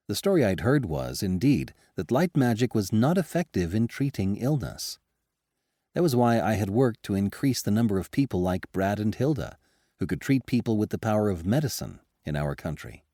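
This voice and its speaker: A man narrating an audiobook in first person, with lively, expressive storytelling on a close studio mic. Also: fairly low pitch, brisk, no echo.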